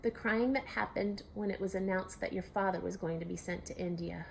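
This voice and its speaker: A woman's voice: mid-range voice, steady tone, a little fast, vocal fry, slight background noise, natural voice, rough recording. A woman doing a chatty kindly old-house maid. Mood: wistful. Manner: chatty, homely and warm-hearted. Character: kindly talkative maid, middle-aged.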